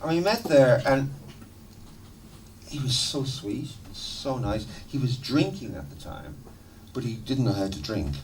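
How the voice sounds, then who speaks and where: Animated man telling stories. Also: medium pitch, a little slow. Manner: animated, swearing, laughing storyteller. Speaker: musician guest. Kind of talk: casual storytelling interview. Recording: distant mic with noticeable background noise.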